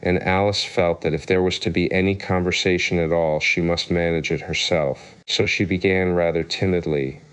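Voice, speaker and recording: A man narrating a classic novel as an audiobook, in a measured storytelling manner. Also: deep voice, fairly even intonation, fairly bright tone, smooth, poor audio. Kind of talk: scripted narration.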